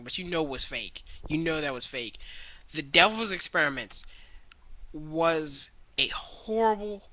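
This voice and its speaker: A young man ranting casually to his webcam about movies he has watched, rambling and restarting often, sometimes mimicking people in a high voice. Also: bright, forceful tone, no room sound, low-quality recording. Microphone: webcam mic.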